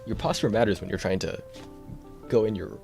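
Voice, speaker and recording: A man's voice: lowish voice, brisk, vocal fry, music in the background. A man chatting casually on a live stream, rambling and self-deprecating, with a tired voice.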